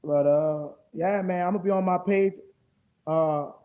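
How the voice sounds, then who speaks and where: A man's voice: sits high, fairly even intonation, a little slow, clear, resonant tone. Profane New Orleans man on a tinny stream. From New Orleans, Louisiana. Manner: profane, rambling, heated. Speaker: streamer host. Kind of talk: casual live-stream chat. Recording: tinny phone-like audio.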